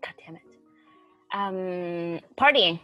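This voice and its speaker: A woman's voice: lowish voice, lively intonation, slow pace, bright, forceful tone, soft background music. A woman in casual chat who giggles often, swears freely and keeps guessing in a playful way.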